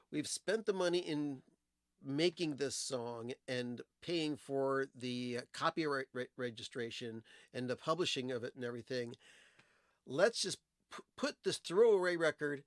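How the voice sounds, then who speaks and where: A man's voice: on the high side, no echo, clean studio sound. A man hosting a livestream, chatting casually and at length about old singles and their flip sides, wandering off into stories. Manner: rambling, digressive storyteller with fillers. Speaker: livestream host. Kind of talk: casual music talk, showing old records.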